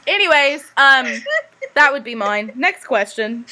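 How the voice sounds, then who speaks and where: A young woman hosting a casual fan podcast over a video call, brisk and teasing, with crude jokes. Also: high voice, animated, background noise. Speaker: podcast host. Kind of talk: casual chat. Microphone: computer mic on a video call.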